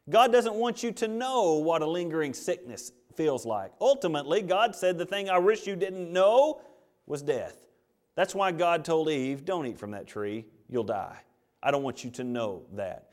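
A man preaching a sermon, reading scripture aloud and building to emphatic, rising peaks. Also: fairly high pitch. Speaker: pastor.

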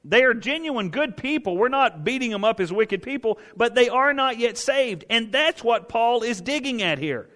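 A man's voice: extremely high pitch, lively intonation, normal speed, hardly any pauses, bright, forceful tone. A man preaching a sermon as pastor, emphatic, asking questions and answering them himself. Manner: emphatic, asks and answers his own questions. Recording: long hall reverb.

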